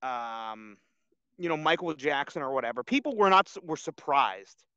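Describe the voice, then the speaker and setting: A man's voice: mid-range voice, expressive, normal speed, bright, forceful tone, clear, resonant tone, dry recording, dull audio. A man co-hosting a casual online show, rambling with lots of fillers and restarts. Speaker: co-host. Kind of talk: casual podcast chat.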